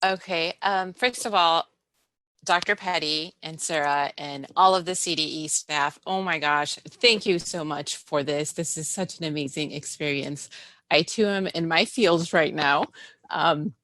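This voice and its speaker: A woman giving an emotional speech to graduates, pausing to compose herself. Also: low-pitched, a bit bright. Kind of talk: emotional thank-you speech.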